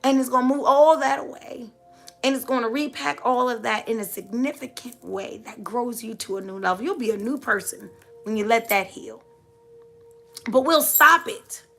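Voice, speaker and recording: A middle-aged woman speaks slowly in a high, bright voice with a gravelly edge, giving a heartfelt motivational talk to live viewers. She repeats her points with emphatic, preacher-like rhythm. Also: soft background music.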